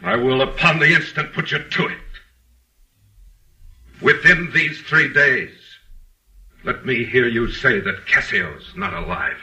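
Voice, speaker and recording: An actor playing Othello, a jealous, furious general, in a 1940s radio drama, with a declamatory delivery. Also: male voice, medium pitch, takes it slowly, pauses often, pushed and bright, exaggerated voice. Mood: cold resolve.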